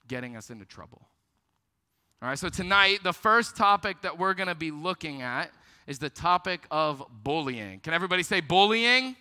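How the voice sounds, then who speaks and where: Young male youth pastor, bright forceful voice, playful storyteller. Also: fairly high pitch, clean tone. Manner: storytelling, lively, self-deprecating. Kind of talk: youth ministry sermon. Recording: long hall reverb.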